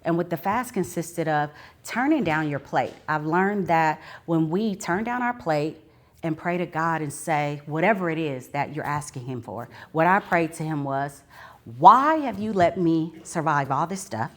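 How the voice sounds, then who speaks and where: A woman's voice: sits low, animated, moderate pace. A woman sharing a personal testimony live at a book signing, talking earnestly and straight to her audience, sometimes rising into fervent preaching. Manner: earnest, addresses the audience directly.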